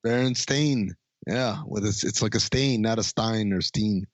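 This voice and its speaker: A man's voice: on the low side, fairly even intonation, moderate pace, dry recording, muffled recording. A man co-hosting a movie podcast, casual and crude, reading out his own viewing notes. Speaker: podcast co-host. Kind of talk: casual movie review chat.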